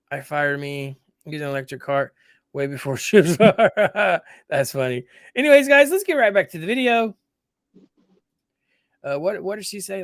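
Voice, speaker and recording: Guy doing a reaction vid, laid back, smooth, slightly high. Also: dry recording, studio quality. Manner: relaxed, chatty, talks to viewers. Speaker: reaction video host. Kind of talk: casual commentary.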